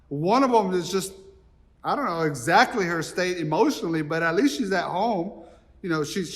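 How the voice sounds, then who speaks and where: Male pastor, casual storytelling sermon, fairly high voice, long church reverb. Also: fairly bright tone. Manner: conversational storytelling, acts out dialogue.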